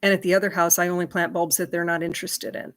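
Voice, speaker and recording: Chatty woman with a lowish voice. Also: little pitch movement, quick pace, a bit bright. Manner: chatty and rambling, many fillers and asides. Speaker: livestream host. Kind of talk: casual chat, answering viewer comments.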